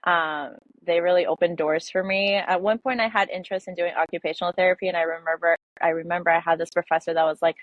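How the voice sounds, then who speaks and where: Brief: young woman, lowish voice, hesitant personal storytelling, dry dull lo-fi audio. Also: steady tone, no room sound. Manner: halting, filler-heavy, emotional retelling. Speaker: podcast guest.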